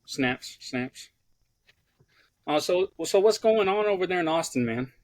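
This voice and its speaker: A man's voice: sits high, lively intonation, a little fast, a little mellow, no room sound. A young man co-hosting a podcast, talking in brash, profane, teasing banter. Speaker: podcast co-host.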